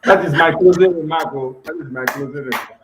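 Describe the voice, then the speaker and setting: A man's voice: on the high side, quick pace, background noise. A man, a minister guest, giving ceremonious closing remarks. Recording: roomy echo.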